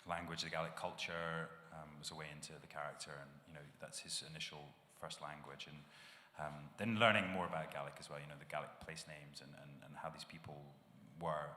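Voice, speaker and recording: A man, an actor, chatting casually on a live panel, relaxed and self-deprecating, laughing often. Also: extremely low pitch, brisk, hardly any pauses. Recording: echoey hall, live event.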